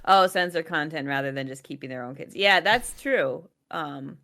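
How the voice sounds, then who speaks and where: Bright-voiced frank woman on a podcast. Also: deep voice, moderate pace, gravelly. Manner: frank, laughs often. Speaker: podcast co-host, mother. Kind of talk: casual chat.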